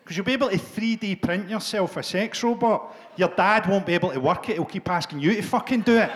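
Scottish man, stand-up comedy, high voice, deadpan, sweary. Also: noisy background. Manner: profane, deadpan, quick jabs at the crowd. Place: live comedy venue.

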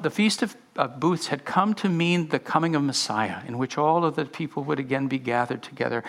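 A man preaching a sermon with animated delivery, often restarting and repeating words. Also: medium pitch. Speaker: pastor.

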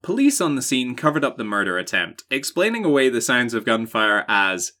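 Bright-voiced sarcastic man podcasting. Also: mid-range voice, very animated. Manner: sarcastic, swearing, quick jokes. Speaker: podcast host. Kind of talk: casual chat, reading from notes.

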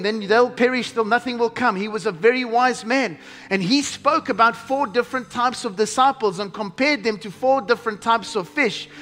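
A man preaching a sermon as pastor, emphatic, slowing to stress key phrases and dropping to a hushed tone. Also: very high voice.

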